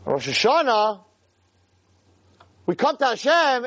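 A male religious lecturer delivering a storytelling sermon. His fairly high voice swings up and down with lively, conversational energy. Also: moderate pace, long pauses, breathy edge, dry recording, muffled recording. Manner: animated, conversational.

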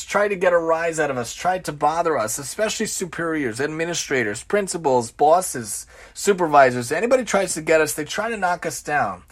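A man hosting an informal Torah lesson who piles up repeated, emphatic lists. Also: high voice. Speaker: religious teacher and show host.

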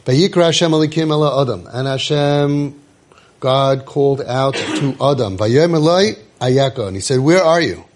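A man's voice: medium pitch, moderate pace, a little hiss or hum. A man giving a Torah class. He reads Hebrew verses, explains them in English and keeps asking his listeners rhetorical questions. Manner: animated, asks rhetorical questions, mixes Hebrew quotes with English. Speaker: Torah teacher.

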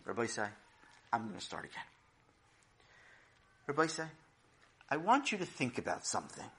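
A man voicing a calm, patient community rabbi who speaks slowly and evenly. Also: medium pitch, a little hiss or hum. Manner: measured, patient, slow.

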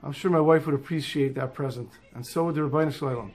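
A man's voice: fairly high pitch, quick pace, darkish tone, voice pushed down. A man voicing a humble, poor passenger earnestly explaining a kind deed. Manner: earnest, modest. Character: humble, poor religious man, newly observant.

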